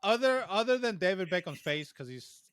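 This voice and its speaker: A man with a bright, smooth voice talks casually on a podcast, hedging and pausing with fillers. The sound is dry and close. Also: sits high, dry recording. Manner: relaxed, hesitant, many fillers. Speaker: podcast co-host. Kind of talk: casual chat.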